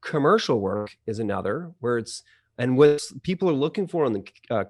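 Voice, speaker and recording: A man's voice: mid-range voice, very animated, brisk, darkish tone. A man being interviewed as a company executive, explaining at length in a chatty way with lots of fillers and restarts. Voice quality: trained audio engineer. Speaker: CEO of a voice-over marketplace, guest. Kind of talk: conversational interview.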